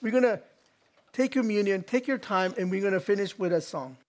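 A fairly high-pitched man preaches a church sermon as its pastor. He talks earnestly, repeats his key lines, and trips into small restarts as he goes. His delivery stays sincere and direct. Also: brisk. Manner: earnest, repetitive preaching with restarts and acted quotes. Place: church hall.

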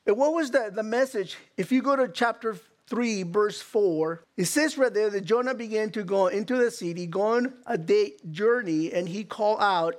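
High-voiced, stammering male preacher. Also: normal speed, hardly any pauses. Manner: animated, stammering restarts, rhetorical questions. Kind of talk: sermon.

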